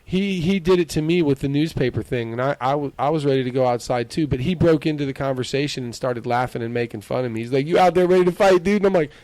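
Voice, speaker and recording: Profane, animated man telling stories. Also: mid-range voice, fast talker, few pauses, no echo, rough recording. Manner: profane, animated storytelling with acted-out quotes. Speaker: podcast co-host. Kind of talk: casual podcast chat.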